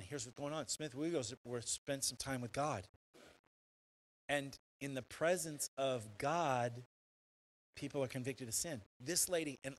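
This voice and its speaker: A male pastor preaching a sermon in a church, animated and conversational, full of rhetorical questions and quick restarts. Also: fairly high pitch, poor audio. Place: church sanctuary.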